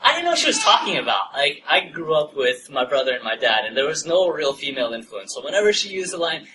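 A male pastor, preaching a sermon and telling a personal story with laughs, then dropping to a soft, near-whispered tone. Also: on the high side, very animated, brisk. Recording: distant mic, noisy room ambience.

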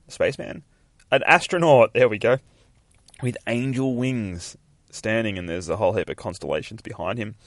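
Low-voiced, swearing comic podcast host. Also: male voice, normal speed, no room sound. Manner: profane, offhand, reads comic panels aloud. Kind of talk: casual comic book reading and chat.

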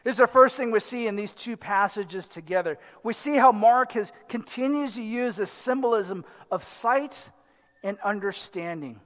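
A man preaching a sermon, reading scripture and explaining it in an animated way, acting out the voices of the crowd. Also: high-pitched, normal speed. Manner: animated, dramatizes the crowd and the blind man in quotes. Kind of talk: expository sermon. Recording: long hall reverb.

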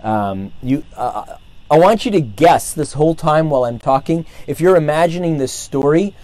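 A man's voice: fairly high pitch, animated, normal speed, warm tone. A man casually retelling a saint's life, rambling, with many fillers and restarts. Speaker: storyteller.

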